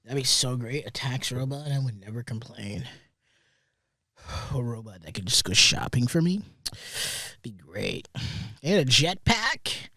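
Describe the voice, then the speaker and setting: A man's voice: medium pitch, lively intonation, measured pace, pauses often, pushed and bright, dry recording. A young man hosting a solo podcast, rambling through casual commentary with lots of swearing and sarcastic asides, recorded in a studio. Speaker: podcast host.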